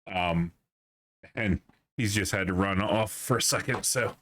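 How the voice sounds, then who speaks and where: A man's voice: deep voice, a little slow, a bit bright, a little hiss or hum. A man hosting a podcast, recounting a family outing in an easygoing casual chat. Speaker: podcast host.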